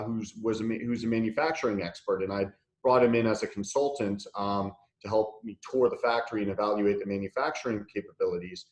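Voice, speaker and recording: Blunt, profane man in a roomy echo. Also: mid-range voice. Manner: blunt and profane, laughs through his stories. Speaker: interview guest. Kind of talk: candid conversational storytelling.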